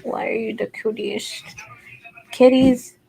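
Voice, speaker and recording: A woman's voice: on the high side, fairly even intonation, takes it slowly, creaky, mellow, slightly rough, no room sound. A woman hosting a casual livestream crochet tutorial, chatty and rambling, talking directly to her viewers.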